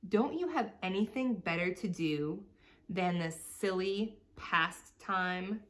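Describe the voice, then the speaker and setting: A woman voicing a sharp-tongued, bossy female rat who hisses her scorn, slow and deliberate. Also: fairly low pitch, lively intonation. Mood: scornful. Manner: hissing, bossy.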